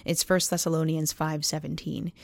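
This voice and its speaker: A woman with a gravelly voice talks through a long story on a faith podcast. She rambles and leans on "like" again and again. The sound is close and dry, with no room around her. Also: deep voice, little pitch movement, moderate pace, no room sound. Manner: rambling storytelling, heavy use of "like". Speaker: podcast co-host.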